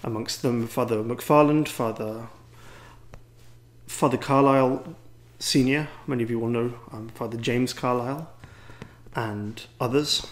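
A man's voice: mid-range voice, fairly even intonation, a little slow. A man with an English accent, a priest and teacher, giving a wry, rambling, self-deprecating talk to a gathering. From England.

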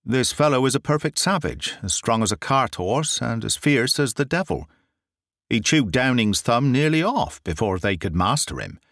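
A man's voice: mid-range voice, sing-song, normal speed, a bit bright, no echo, studio quality. A man doing a dogged, sly police inspector. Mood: guarded.

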